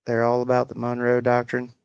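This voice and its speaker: A man's voice: mid-range voice, completely flat delivery, a little fast, gravelly, darkish tone, clean tone, dry recording, lo-fi sound. A man with a slight Appalachian country accent, hosting a casual livestream, reading chat aloud and answering with crude, sarcastic swearing.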